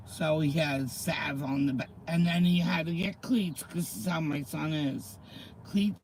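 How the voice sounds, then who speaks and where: A woman's voice: low voice, measured pace, darkish tone, a little hiss or hum, low-quality recording. A middle-aged woman, chatting emotionally to her viewers in a rambling way, close to tears. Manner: rambling, emotional, talks to commenters. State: tearful. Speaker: vlogger. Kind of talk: casual chat to viewers.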